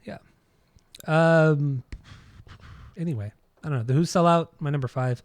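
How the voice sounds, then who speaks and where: A man's voice: a little high, a little slow, dry recording. An American man co-hosting a podcast in casual chat, rambling and trailing off when unsure. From United States. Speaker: podcast co-host.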